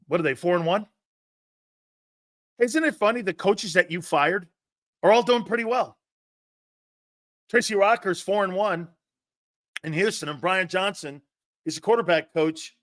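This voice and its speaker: A man's voice: high-pitched, a bit bright, dry recording, clean studio sound. A man hosting a sports talk stream, ranting in a combative, sarcastic way, swearing, repeating his points and answering chat comments. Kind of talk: livestream sports rant.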